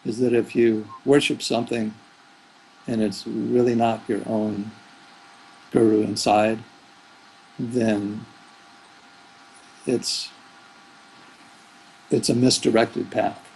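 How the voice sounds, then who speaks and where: A man's voice: fairly low pitch, little pitch movement, takes it slowly, creaky, long pauses, darkish tone, a little hiss or hum, low-quality recording. A man who is a spiritual teacher, giving rambling, thoughtful answers in an interview. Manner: rambling, thoughtful, with fillers and restarts.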